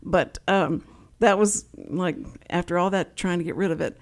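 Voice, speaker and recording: A Texan woman hosts a radio show at a studio mic, chatting casually and rambling into stories. Her voice is lowish and steady, at normal speed.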